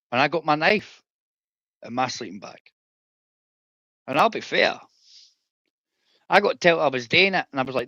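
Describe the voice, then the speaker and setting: A man's voice: fairly high pitch, animated, a little fast, pauses often, pushed and bright, no room sound, highs cut off. A man with an Edinburgh Scottish accent, a former soldier ranting profanely and confrontationally on a livestream while telling stories. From Scotland.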